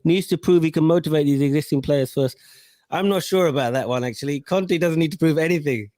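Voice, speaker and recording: Chatty podcast host, dry sound. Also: male voice, on the high side, a little mellow, dry recording. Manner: chatty, quick to pass questions around. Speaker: host reading viewer comments. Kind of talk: casual podcast hosting.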